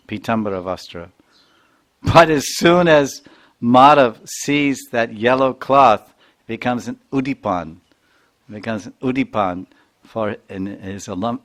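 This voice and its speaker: A man, a spiritual teacher, narrating a devotional story in an animated lecture. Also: on the low side.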